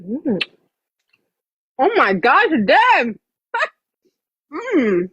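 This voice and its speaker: Woman streamer, casual live chat, swears freely, very animated pitch, muffled audio. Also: moderate pace, breathy edge, no room sound. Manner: profane, blunt and chatty. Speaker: livestreamer.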